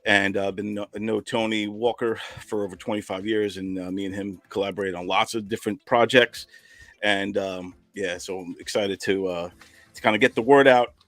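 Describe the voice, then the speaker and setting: A man in his fifties from Long Island, speaking as a guest over a video call. His voice sits fairly low and sounds dry and close. He talks in a relaxed, hesitant way, full of ums. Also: normal speed, dry recording. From Long Island, New York. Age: 50s. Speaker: guest, podcast host and video editor. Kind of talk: casual video call chat.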